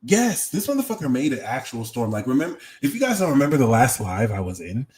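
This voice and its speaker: A man's voice: medium pitch, big pitch swings, fast talker, a little mellow. A young man doing a live-stream tarot reading, talking casually with lots of swearing and slang while answering his chat. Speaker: tarot reader.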